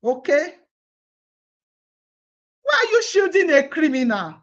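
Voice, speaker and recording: A woman's voice: sits high, expressive, moderate pace, fairly bright tone. A Nigerian woman pleading and protesting in an impassioned monologue, firing off rhetorical questions. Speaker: activist vlogger. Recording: dull lo-fi phone audio.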